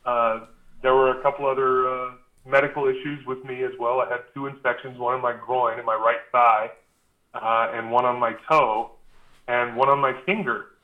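A man as a guest, telling a story in a casual, animated way and acting out the dialogue, with frequent "uh" fillers. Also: mid-range voice, moderate pace, phone-quality sound. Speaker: guest recalling a reality show.

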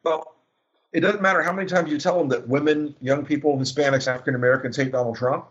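A man's voice: a little high, fairly even intonation, quick pace. A man talking politics as a guest, sardonic and full of false starts. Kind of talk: casual political discussion. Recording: dull lo-fi sound.

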